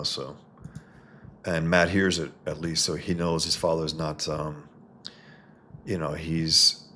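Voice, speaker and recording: A man's voice: sits low, fairly bright tone, slight background noise. A man reviewing a comic book in casual, rambling commentary, talking to his viewers. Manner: rambling, conversational, many restarts.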